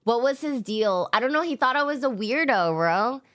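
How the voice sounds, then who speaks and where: Young woman streamer yapping, kinda high voice, cussing and roasting herself. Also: normal speed. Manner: animated, swearing, self-mocking storyteller. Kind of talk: casual chat.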